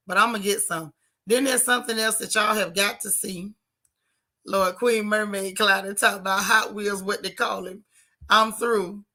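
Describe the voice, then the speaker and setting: Woman streamer, bright and teasing, casual chat. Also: medium pitch. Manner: chatty, teasing, dramatic exclamations. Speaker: vlog host reading chat.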